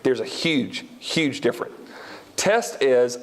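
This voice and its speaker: Animated male Bible teacher, high voice. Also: moderate pace. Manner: animated, quizzes the audience. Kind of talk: live Bible lesson. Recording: long hall reverb.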